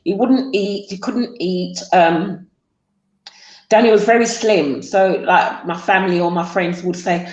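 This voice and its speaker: A middle-aged woman, a guest on a talk show, tells her son's story haltingly with many fillers. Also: on the low side, darkish tone, dull audio. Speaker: guest, mother of a man with sickle cell. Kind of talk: emotional interview storytelling. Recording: roomy echo.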